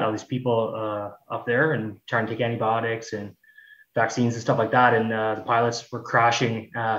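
Man on a roomy, muffled call. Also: mid-range voice. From Canada. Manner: relaxed, rambling with many fillers. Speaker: guest, search and rescue technician. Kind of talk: casual conversation. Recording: roomy, dull lo-fi call audio.

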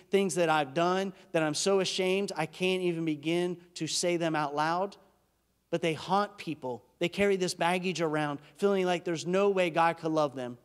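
A man, a pastor, giving an earnest, emphatic sermon that swings from loud peaks to hushed, intimate drops. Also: a little high. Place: church sanctuary. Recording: church hall reverb.

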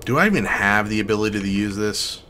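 A man streaming a live playthrough, reacting excitedly, talking to chat, and muttering to himself between loud outbursts. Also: fairly low pitch, fast talker, a little hiss or hum. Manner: casual, swears, talks to chat. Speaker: gaming streamer. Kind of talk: live gameplay commentary.

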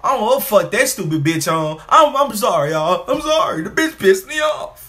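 A young man hosting a reaction video, cursing and talking back excitedly at a clip. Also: high-pitched, moderate pace, slight background noise. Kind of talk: profane reaction commentary.

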